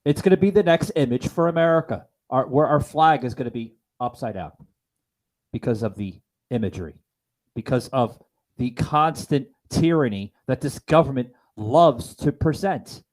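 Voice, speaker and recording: A man's voice: mid-range voice, moderate pace, darkish tone. A man hosting a political podcast in a fervent style, repeatedly calling his listeners folks. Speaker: podcast host.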